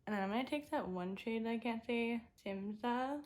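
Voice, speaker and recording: A woman's voice: on the high side, fast. A young woman vlogger chatting casually as she swatches eyeshadow and talks through each makeup step. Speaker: beauty vlogger. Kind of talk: casual makeup tutorial talk.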